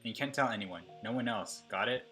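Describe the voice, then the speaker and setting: A man's voice: lowish voice, fairly quick, bright, forceful tone, soft background music. A man voicing an anxious, kind schoolgirl who narrates her worries from a story game in a plain voice. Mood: uneasy.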